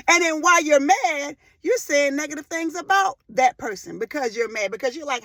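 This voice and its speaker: A woman in her forties giving a faith-based motivational talk, emphatic and impassioned, repeating phrases for weight and breaking into loud emotional bursts. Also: high-pitched, moderate pace, few pauses, no room sound. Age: 40s. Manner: rises to loud emotional outbursts. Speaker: motivational speaker.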